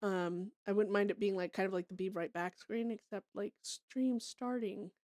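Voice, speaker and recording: A woman's voice: mid-range voice, level tone, fairly quick, a little mellow, no echo, studio quality. A young woman from Canada chatting casually with her stream viewers, laughing often and swearing freely.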